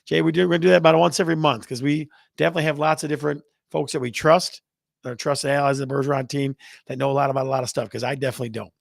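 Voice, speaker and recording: A real estate show host races through his livestream chat, playfully reading viewer comments and counting down contests out loud. His medium-pitched voice stays fairly even in intonation and has vocal fry, in a dry, studio-quality recording.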